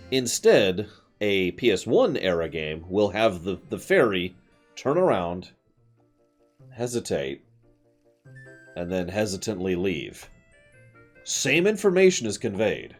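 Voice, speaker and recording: A man's voice: sits low, sing-song, slow, long pauses, faint music behind. A man giving casual, chatty commentary while streaming a video game, with opinionated asides.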